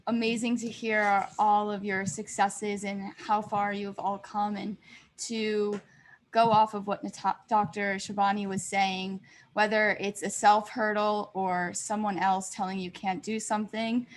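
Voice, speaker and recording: A woman moderating a panel on a video call, measured and appreciative. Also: mid-range voice, little pitch movement, low-quality recording. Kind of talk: wrapping up a panel.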